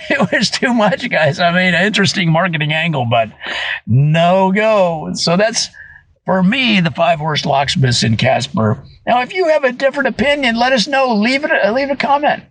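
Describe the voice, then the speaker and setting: A man with a fairly high voice gives a deadpan comic monologue, earnest and mock-serious, with small fillers as he talks to the viewers. The sound is close and dry, with no room around it. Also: moderate pace, no echo, poor audio. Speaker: comedian doing a mock review video.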